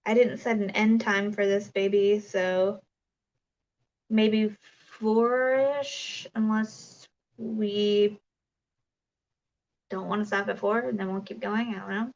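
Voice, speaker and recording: A woman's voice: medium pitch, fairly even intonation, slow pace, long pauses, a little mellow, highs cut off. A woman hosting a casual crafting livestream, chatting and reading viewer comments, rambling with many fillers and restarts.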